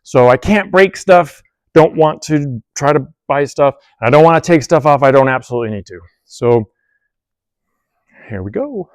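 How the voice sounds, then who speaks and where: A man's voice: medium pitch, expressive, normal speed, no room sound. A man narrating casually as he takes a tractor apart in his workshop, thinking aloud and poking fun at himself. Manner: thinking aloud, self-deprecating, bursts of amused laughter. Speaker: hobby mechanic vlogger.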